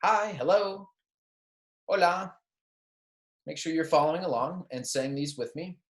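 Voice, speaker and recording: A man's voice: a little high, measured pace, pauses often, reverberant. A man teaching a beginner Spanish lesson, repeating phrases for students and checking in with "okay?" and "right?", with light joking asides. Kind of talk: recorded classroom lecture.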